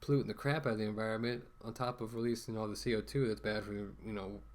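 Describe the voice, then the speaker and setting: A man's voice: fairly low pitch, steady tone, fast talker. A man ranting casually to camera as a vlogger, rambling with many fillers and restarts, talking through a mask.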